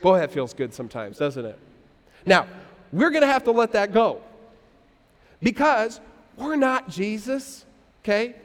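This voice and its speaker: A man preaching a sermon as pastor, lively and leading the congregation in call-and-response. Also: high-pitched, measured pace, pauses often, long reverb tail. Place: church hall.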